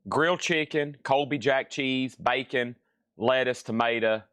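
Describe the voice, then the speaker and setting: A relaxed man with a drawl hosts a live sale in a loose, joking, chatty way. His voice sits at an ordinary middle pitch. It is recorded close and dry, with no room sound. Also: no room sound. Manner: laid-back, chatty, joking while eating. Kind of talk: casual live-stream chat.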